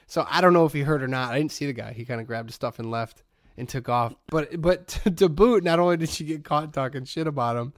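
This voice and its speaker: A man's voice: on the high side, fairly quick, no echo, studio quality. A man in his thirties, co-hosting a podcast and telling a story with swearing, laughter and acted-out voices. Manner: animated storyteller, acts out quoted voices, swears, laughs often. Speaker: podcast co-host. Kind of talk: casual storytelling chat. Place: brewery.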